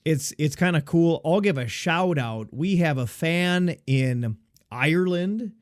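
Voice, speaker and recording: A man's voice: on the high side, lively intonation, slow, dry recording, studio quality. A man co-hosting a casual podcast, joking and teasing his partner. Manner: joking, teasing, laughs often. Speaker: podcast co-host.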